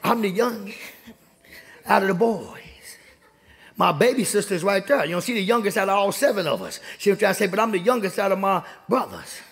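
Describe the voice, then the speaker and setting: A young man preaching a sermon in a church, calling out to the congregation and rising to shouts. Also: high-pitched, very animated, brisk. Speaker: pastor. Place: church sanctuary.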